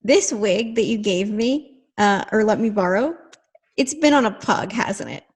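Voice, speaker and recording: A woman's voice: mid-range voice, animated, unhurried, slightly rough. A young woman co-hosting a podcast in dry, teasing casual chat. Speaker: podcast co-host.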